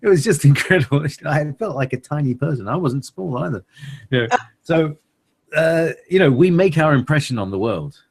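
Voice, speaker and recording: A man chats on a talk radio show in a husky voice. His pitch rolls up and down in a lively way. He wanders from thought to thought, full of fillers and playful asides. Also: normal speed. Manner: rambling and playful, with many fillers and laughs. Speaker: co-host. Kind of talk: casual radio chat.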